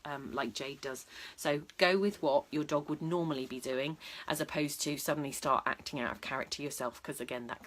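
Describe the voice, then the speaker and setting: A low, slightly bright female voice belongs to a dog trainer who hosts a vlog. She talks casually to the camera with advice, staying chatty and matter-of-fact while using many ums and restarts.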